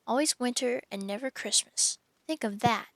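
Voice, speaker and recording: A woman's voice: a little high, normal speed, a bit bright, no room sound, close to an everyday voice. A woman voicing a gloomy, guilt-ridden male faun who talks mournfully between sobs. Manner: sobbing, mournful.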